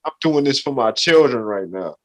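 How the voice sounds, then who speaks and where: A man's voice: mid-range voice, expressive, moderate pace, rough recording. A middle-aged man from Louisiana, a rapper guest talking loosely and repetitively in a casual podcast chat. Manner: loose, repetitive street talk, "you feel me".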